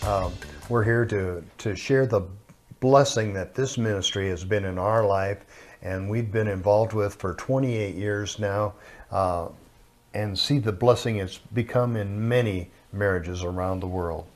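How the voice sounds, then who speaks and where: A man's voice: fairly low pitch, a little slow, soft background music. An older man teaching a marriage course with his wife, telling stories in a folksy way. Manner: folksy storyteller.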